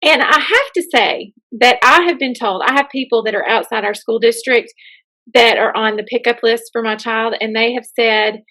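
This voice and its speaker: Co-host, woman in her 30s, chatty storyteller with a bright, somewhat high voice. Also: normal speed. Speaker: podcast co-host. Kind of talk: casual chat.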